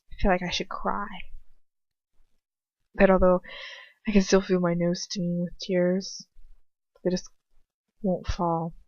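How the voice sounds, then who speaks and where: Slow young woman reading fan fiction. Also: on the low side, a little mellow, dry recording, lo-fi sound. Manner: reads with emotion, breaks off for casual asides. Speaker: amateur audiobook reader.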